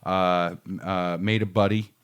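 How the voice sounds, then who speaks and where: A man's voice: deep voice, little pitch movement, measured pace, clean tone. A young man casually telling a long story on a studio podcast, rambling with fillers and swearing freely. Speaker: podcast co-host. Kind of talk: casual chat.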